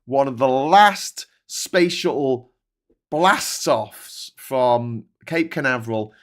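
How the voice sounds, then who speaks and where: A man's voice: medium pitch, takes it slowly. A man hosting a casual chat, ranting and swearing freely as he answers viewers. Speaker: host.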